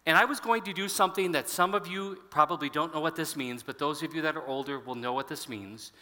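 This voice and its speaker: A man's voice: fairly high pitch, fast talker. A pastor in his fifties preaching a sermon to his congregation, telling stories and asking the room questions. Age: 50s. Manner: storytelling, animated, addresses the congregation. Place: large church hall. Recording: long hall reverb.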